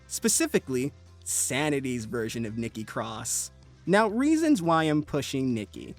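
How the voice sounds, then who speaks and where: A man narrates a wrestling video in a brisk, animated, scripted style. His pitch sits mid-range, and soft music plays faintly underneath.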